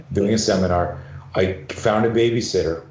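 Middle-aged Canadian-raised guest, lowish voice, animated, swearing storyteller, echoey room. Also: male voice, normal speed. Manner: animated, profane, acts out voices in his anecdotes. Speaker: podcast guest, self-defense and fear expert. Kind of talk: storytelling in a podcast conversation.

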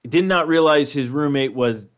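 A man's voice: a little high, moderate pace. A man hosting a podcast in a casual chat, rambling and laid-back, swearing often. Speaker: podcast host.

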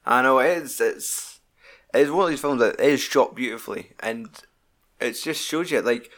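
A man in loose, sweary conversation about a film, rambling and enthusiastic. His voice sits at an ordinary middle pitch. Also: normal speed, fairly bright tone. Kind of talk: casual film chat.

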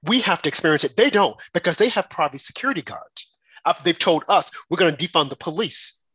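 A man's voice: animated, brisk, a bit bright, breathy edge, dry recording, dull audio. A man delivering an indignant political commentary monologue, mocking his opponents by quoting them in a raised voice. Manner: mocking put-on quotes of opponents in raised pitch; indignant, rhetorical.

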